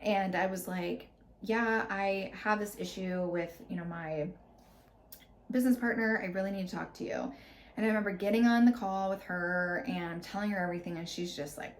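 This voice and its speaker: Woman host, thirties, candid personal storytelling with an animated, filler-heavy delivery, recorded in a roomy space. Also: medium pitch, normal speed, a little hiss or hum. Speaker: podcast host. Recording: roomy echo.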